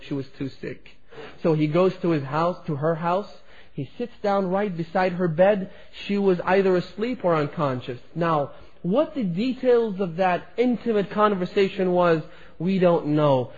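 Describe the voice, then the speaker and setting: Male preacher, high voice, impassioned sermon storytelling, muffled lo-fi recording. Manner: impassioned, swelling and dropping in loudness. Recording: dull lo-fi recording.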